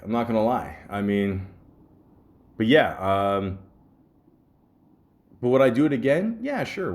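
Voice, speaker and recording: A man, hosting a podcast, who tells a story casually, swears freely and stammers through restarts. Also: on the low side. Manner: profane, rambling, stammers restarts. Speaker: podcast host.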